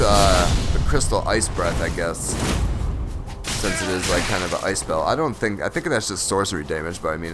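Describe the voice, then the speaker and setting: A young man giving excitable, profane live commentary over his own gameplay, often bursting into shouts. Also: low voice. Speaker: gaming channel host.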